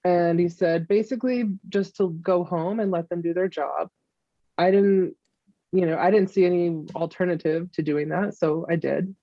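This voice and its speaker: Woman interview guest, candid and halting, warm relaxed tone, dry muffled lo-fi sound. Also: lowish voice, dry recording. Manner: candid, halting, with frequent restarts. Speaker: guest, mother of the subject. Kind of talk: personal interview, recounting events. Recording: muffled lo-fi recording.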